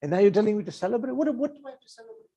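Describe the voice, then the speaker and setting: A man's voice: sits high, lively intonation, rapid-fire, mellow, slightly rough. A man preaching a sermon, earnest and full of rhetorical questions, acting out everyday conversations.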